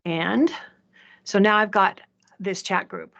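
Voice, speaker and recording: A woman presenting a software demo in a chatty way, often checking in with the audience. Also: mid-range voice, slow pace, vocal fry, dull audio. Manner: chatty, asks "right?" often. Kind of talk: live software demo talk.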